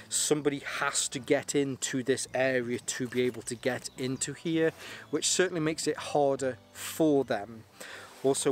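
A man talks through a piece of gear in a loose, rambling way, stumbling over repeated words as he goes. His voice sits at an ordinary middle pitch. He is recording outdoors with light background noise. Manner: chatty, rambling, repeats words when restarting. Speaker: gear reviewer and brand ambassador. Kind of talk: casual product review to camera.

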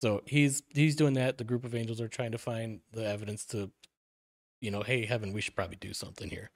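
A man's voice: lowish voice, steady tone, fairly quick, no room sound, studio quality. A man, an author guest on a podcast, laying out a backstory in casual talk with many fillers and restarts.

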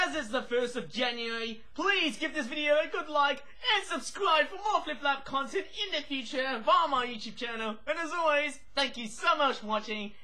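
A man with an Australian-sounding accent giving excitable, exclaiming reaction commentary as host of his channel. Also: extremely high pitch, low-quality recording. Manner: excitable, exclaiming, laughing often.

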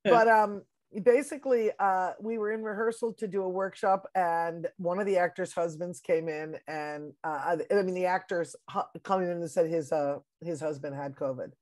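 An American woman with a lowish voice speaks as a guest over a video call. She talks in a relaxed, halting way, often letting phrases trail off and then starting again. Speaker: Broadway composer and musical director, guest. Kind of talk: casual interview chat.

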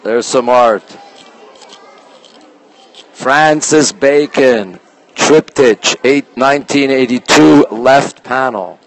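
A man hosting a casual live stream from a phone as he walks through an art museum, reading out artwork titles slowly and greeting viewers by name, sometimes dropping his voice low. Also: slight background noise. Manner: talks low at times to keep quiet. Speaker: livestream host touring a museum. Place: indoor art museum gallery.

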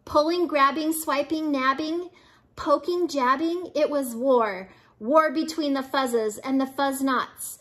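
An older woman reads a picture book aloud to children, her voice high and bright. She takes her time, leaning into every word with lively expression. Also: slow. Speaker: storybook reader. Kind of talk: children's read-aloud narration.

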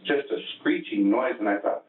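A man recounting events in a police interview, rambling and halting with many restarts. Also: mid-range voice. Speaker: interrogation suspect. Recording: echoey, distant, phone-like interrogation room audio.

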